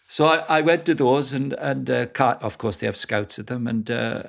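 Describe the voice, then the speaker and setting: Gravelly Welsh man telling stories. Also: medium pitch, normal speed, hardly any pauses. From Wales. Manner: lively storyteller who laughs often. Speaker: guest evangelist. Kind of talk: casual storytelling interview.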